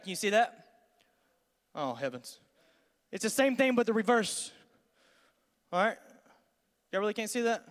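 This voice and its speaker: A man, a student pastor giving an energetic, conversational youth sermon in a large church hall. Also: sits high. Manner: energetic, conversational, acts out dialogues. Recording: long hall reverb.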